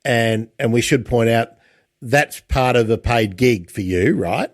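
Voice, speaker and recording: A man hosting a casual interview, chatty, with lots of halting restarts. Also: mid-range voice, no room sound. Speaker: podcast host.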